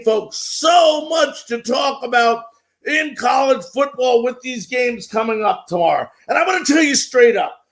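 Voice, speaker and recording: Middle-aged man, sports radio host, gravelly high voice, slow, shouty, hammering his points home. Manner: emphatic, repetitive, building hype. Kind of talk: sports talk radio monologue.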